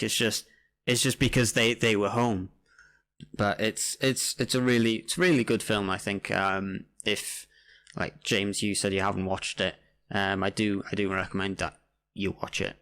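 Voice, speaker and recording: A man's voice: fairly low pitch, fairly bright tone. A man co-hosting a podcast, rambling through a film recommendation with lots of hesitation. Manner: rambling, hesitant, many fillers. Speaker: podcast co-host. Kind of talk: casual chat.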